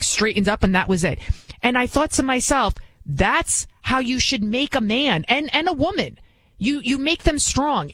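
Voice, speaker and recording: A woman's voice: fairly high pitch, a bit bright, dry recording, low-quality recording. A woman hosting a commentary show, talking bluntly and emphatically, often repeating and restarting her words. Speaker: host. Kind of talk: opinionated commentary monologue.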